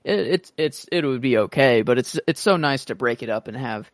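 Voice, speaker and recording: A man's voice: medium pitch, animated, moderate pace, no room sound, studio quality. Rambling casual male podcaster. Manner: rambling, many restarts and fillers. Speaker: podcast co-host. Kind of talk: casual chat.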